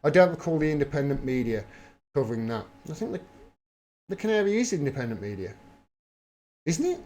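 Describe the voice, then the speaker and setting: Male streamer, slightly high pitch, blunt and emphatic, swears freely while reading chat. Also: big pitch swings, fairly quick, a little mellow, a little hiss or hum. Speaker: livestream host. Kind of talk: live political commentary reading viewer chat.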